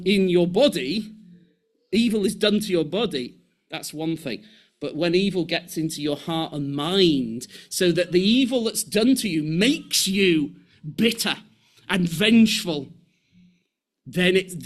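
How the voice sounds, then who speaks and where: A man preaching a sermon with animated delivery, restarting phrases and acting out quoted voices. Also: high-pitched.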